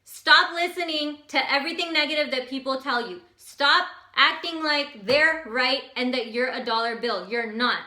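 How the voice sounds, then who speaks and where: A high, bright woman's voice delivers a motivational talk with energy and emphasis, often repeating herself to drive a point home. She speaks in a casual, direct way. An echoey room surrounds her voice. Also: normal speed, few pauses. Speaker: motivational host.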